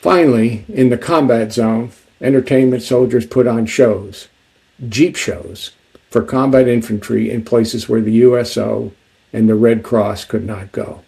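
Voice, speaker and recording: Man giving a book talk, slow and deliberate, gravelly dark voice. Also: mid-range voice, fairly even intonation, rough recording. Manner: measured, deliberate delivery. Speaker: author.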